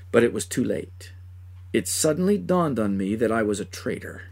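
A man playing a remorseful betrayer in a dramatic first-person monologue, speaking with a husky voice and crying out in anguish. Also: lowish voice. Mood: guilt-ridden. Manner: impassioned, cries out in anguish. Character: remorseful man who betrayed his master.

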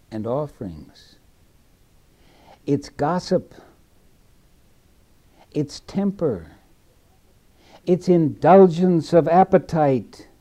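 Slow, dark-voiced preacher man. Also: medium pitch. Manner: slow, deliberate preaching that swings from hushed to loud. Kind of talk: sermon.

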